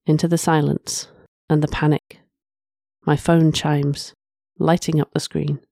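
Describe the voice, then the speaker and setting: Mellow woman narrating a story. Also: low voice, little pitch movement, a little slow, creaky, dry recording, studio quality. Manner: soft, reflective, with frequent sighs. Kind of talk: first-person story narration.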